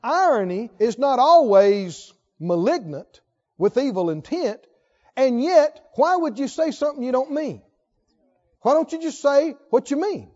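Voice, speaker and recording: A man preaching a sermon emphatically, swinging between loud declarations and hushed lines. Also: extremely high pitch, animated, a little slow, muffled recording. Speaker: pastor.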